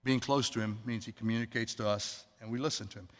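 A man preaching a sermon, earnest, slowing down to stress words and quoting scripture. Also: mid-range voice, steady tone. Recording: long hall reverb.

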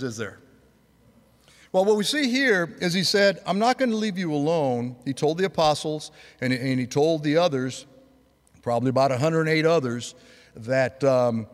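Older male preacher in a reverberant hall. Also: a little high. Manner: rambling storytelling, rising to fervent preaching. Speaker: pastor. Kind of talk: sermon.

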